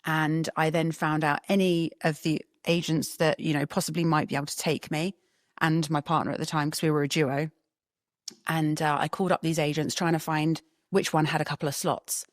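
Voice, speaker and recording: Woman telling old stories in an interview, lowish voice, dry close sound. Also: moderate pace, dry recording. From England. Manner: animated storyteller, laughs often. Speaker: interview guest. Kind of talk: casual interview chat.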